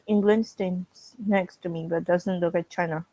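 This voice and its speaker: A woman's voice: lowish voice, a little slow, rough recording. A woman reading a fan story aloud with a strained throat, breaking off now and then for chatty asides to viewers. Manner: steady, chatty asides between passages. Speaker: fan reading fanfiction in character.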